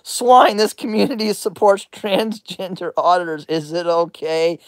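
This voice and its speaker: A woman's voice: fairly low pitch, fairly even intonation, measured pace, no echo, studio quality. A woman hosting a rambling livestream, crude and teasing as she answers her chat, often breaking into laughter. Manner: crude, teasing questions at chatters. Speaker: livestream host.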